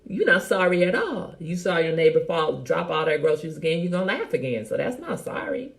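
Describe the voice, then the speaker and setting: A middle-aged woman hosting a casual live chat, teasing and animated, talking straight to her viewers by name. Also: lowish voice, fairly quick, creaky. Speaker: host.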